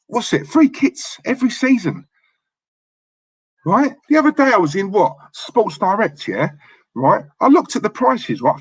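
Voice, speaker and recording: A man rants on a live fan stream, frustrated and repetitive, stopping to greet people in the chat. His voice sits a little high and sounds husky. The sound is dry and close. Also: no echo, low-quality recording.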